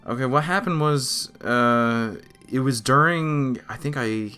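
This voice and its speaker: Young male podcast co-host, swears a lot in lively anecdotes, faint music behind. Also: medium pitch, unhurried, smooth. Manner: animated, profane storytelling. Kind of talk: casual chat.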